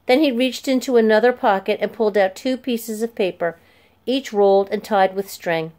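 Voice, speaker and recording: A woman narrating a children's chapter book aloud in a clear, steady storytelling voice. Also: mid-range voice, moderate pace.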